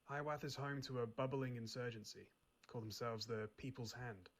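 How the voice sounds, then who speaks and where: An actor playing a male spy chief briefing an agent in a game, in a brisk, clipped, matter-of-fact way. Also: mid-range voice, fairly even intonation, lightly acted. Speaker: game character. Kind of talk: scripted game dialogue.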